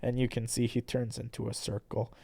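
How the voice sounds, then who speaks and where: A streamer reading a comic aloud in a rambling, deadpan way, repeating "and then". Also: medium pitch, a little fast, creaky. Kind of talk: comedic comic-book read-along.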